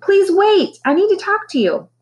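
A woman voicing an eager, excited young boy who speaks urgently in a storybook reading. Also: on the high side, brisk, a little hiss or hum, voice pushed up. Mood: pleading. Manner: urgent, pleading.

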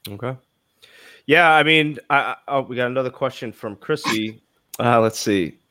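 A man with a Brooklyn accent hosts a casual podcast interview. He puts his questions haltingly, with plenty of fillers. His pitch sits in the middle range for a man. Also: pushed and bright. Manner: hesitant, many fillers. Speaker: podcast host.

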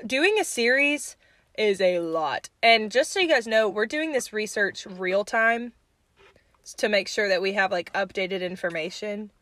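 A woman's voice: medium pitch, unhurried, a bit bright, no echo. A young woman from Georgia, co-hosting a podcast and telling a story in a rambling, casual way full of "like.". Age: young adult. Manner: rambling, many "like"s, laughs mid-story. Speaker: podcast co-host.

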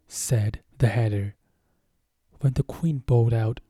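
A man reads a storybook aloud in a calm, measured way. His voice is deep-toned and husky, the pace is very slow, and faint music plays beneath the dry, close sound. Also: no echo. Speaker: narrator. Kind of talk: storybook reading.

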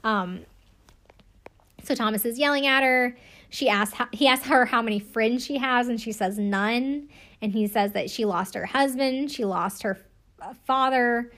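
A woman's voice: on the high side, a little slow, a bit bright. A woman casually recapping a reality TV episode, chatty and profane, filling her talk with "like" and laughing often. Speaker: show recapper.

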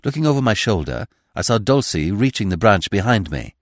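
A man narrating a classic story in measured, scripted audiobook style. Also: lowish voice, big pitch swings, no room sound, clean studio sound. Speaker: podcast narrator.

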